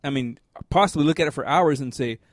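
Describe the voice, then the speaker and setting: A man's voice: medium pitch, fast talker, no room sound, studio quality. A man co-hosting a casual sports podcast, rambling and hesitant, with self-mocking jokes. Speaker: podcast co-host.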